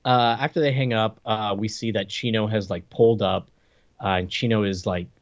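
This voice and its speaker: A man's voice: on the low side, fairly even intonation, moderate pace, highs cut off. A man co-hosting a podcast, chatting casually and recapping movie scenes with frequent laughter. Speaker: podcast co-host reviewing a movie. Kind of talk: casual chat.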